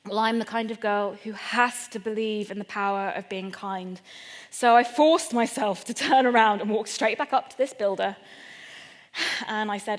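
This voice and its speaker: A British woman comedian telling a personal story on stage, animated and self-deprecating, often laughing between lines. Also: medium pitch, normal speed. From Britain. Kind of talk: stand-up storytelling talk. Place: event venue in London. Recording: echoey hall at a live event.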